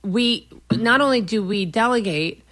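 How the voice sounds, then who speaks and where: A woman's voice: a little high, a little slow, dry recording. Wry woman in comic radio banter. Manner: animated, mocks men with slurred impressions. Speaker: comedian guest.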